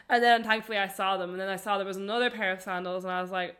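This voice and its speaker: A woman's voice: medium pitch, fairly even intonation, rapid-fire, few pauses, a bit bright. A young English woman co-hosting a podcast, telling a travel story in a chatty way, swearing casually and laughing often. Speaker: podcast co-host.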